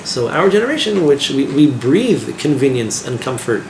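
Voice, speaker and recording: A man, a rabbi, teaching an informal class in a lively way, asking his listeners questions and using Hebrew terms. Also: mid-range voice, moderate pace. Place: classroom with a small group. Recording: echoey room with background noise.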